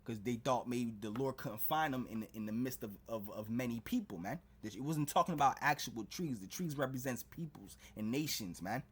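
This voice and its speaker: A man's voice: medium pitch, lively intonation, normal speed, few pauses, slightly rough. A man preaching to a video audience, fervent and warning, who keeps adding "all right?" and "man" between his phrases. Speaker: street preacher.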